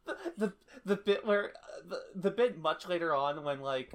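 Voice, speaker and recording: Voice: mid-range voice, normal speed. A podcast co-host in casual chat about a fantasy novel, playful, swearing casually and laughing often. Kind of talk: casual book-club chat.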